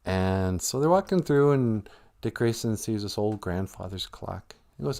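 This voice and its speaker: A man's voice: on the low side, measured pace, gravelly, a little mellow. A man on a livestream retelling a story in a casual, jokey, rambling way. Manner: rambling, jokey, with fillers and restarts.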